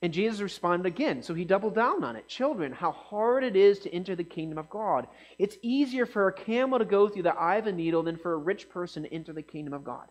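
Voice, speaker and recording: Male preacher, high voice, conversational sermon delivery, slight electrical hum under it. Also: fast, hardly any pauses. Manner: conversational, animated asides to the congregation. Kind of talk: sermon with scripture reading.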